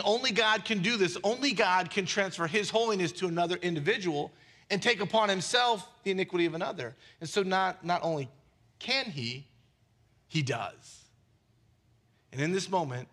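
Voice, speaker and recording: Male pastor, high bright voice, lively preaching with wry asides. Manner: animated, conversational preaching with quick asides and jokes. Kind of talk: sermon.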